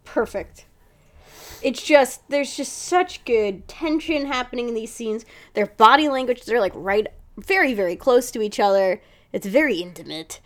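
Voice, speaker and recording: A woman with a fairly high voice chats casually as a podcast co-host, recapping an episode. She is lively and animated and swears freely as she talks. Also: normal speed.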